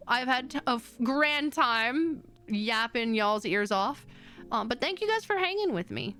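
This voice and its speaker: A woman's voice: on the high side, pushed and bright, smooth. A woman streamer chatting casually with her viewers in a rambling, giggly way. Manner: rambling, chatty, giggly, reading chat aloud. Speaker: VTuber streamer. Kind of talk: casual chat stream wrap-up.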